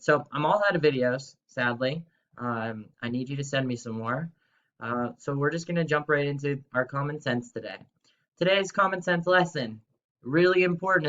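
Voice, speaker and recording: A man's voice: fairly high pitch, bright, forceful tone, dull audio. A young man teaching a video lesson to schoolchildren in an upbeat, chatty way, talking straight to the kids. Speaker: third-grade teacher.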